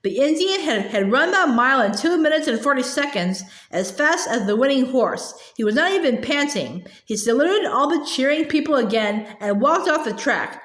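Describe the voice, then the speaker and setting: A woman reads a children's novel aloud in a high, animated voice. She often stalls on drawn-out filler sounds and restarts words, and the recording sounds roomy and echoey. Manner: hesitant, with many filler sounds and stumbles. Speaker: storybook reader.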